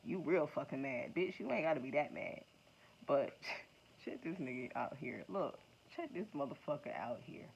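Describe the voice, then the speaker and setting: A woman giving a casual tarot reading to her viewers, slangy, profane and excitable, laughing often. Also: deep voice, normal speed, gravelly. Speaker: tarot reader. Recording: dull lo-fi sound with faint noise.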